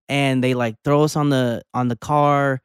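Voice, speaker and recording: A young adult man co-hosting a podcast, telling a story in a casual, animated way, acting out the dialogue and swearing. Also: medium pitch, unhurried, clean tone, dry recording, studio quality. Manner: animated storyteller, acts out dialogue, curses, says "like" a lot. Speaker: podcast co-host.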